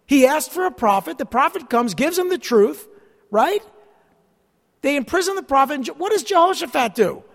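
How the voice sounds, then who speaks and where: A high-voiced man preaches a Bible study, reading the scripture aloud and breaking off for dry, sarcastic asides. His voice rings out with a long reverb tail, as if it fills a large hall. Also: animated, normal speed, gravelly, a bit bright. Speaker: pastor.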